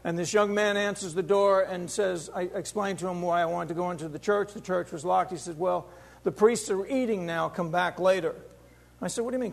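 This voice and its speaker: An older man giving a halting, emotional personal testimony with many restarts. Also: high-pitched, vocal fry, big-room sound. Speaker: storyteller.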